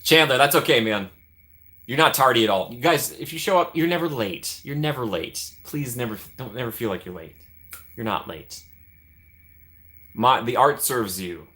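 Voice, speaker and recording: Guy hosting a live stream, chatty, laughs a lot, talks to chat by name, bright voice. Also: mid-range voice, animated, moderate pace. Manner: chatty, laughs often, answers viewers by name.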